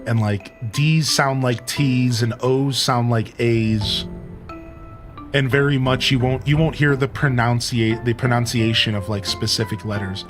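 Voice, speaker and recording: Laid-back Ohio streamer man, slow drawl. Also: medium pitch, steady tone, music in the background. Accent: Ohio Midwestern. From Ohio, USA. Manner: playful, teasing, laughs often. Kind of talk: casual chat with live chat while playing.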